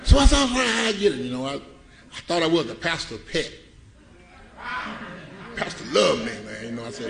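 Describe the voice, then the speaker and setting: A middle-aged man preaching a sermon, telling a comic story in a folksy, animated way with loud bursts. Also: on the high side, moderate pace, gravelly, long pauses, roomy sound, crowd noise. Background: congregation laughing.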